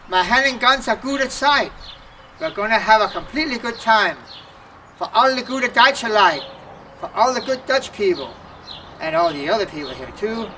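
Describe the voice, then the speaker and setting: A man's voice: sits high, bright, forceful tone, a little hiss or hum. A man performing a folksy comic stage monologue at an outdoor folk festival, joking and mixing in dialect phrases. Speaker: festival entertainer. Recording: distant outdoor festival recording.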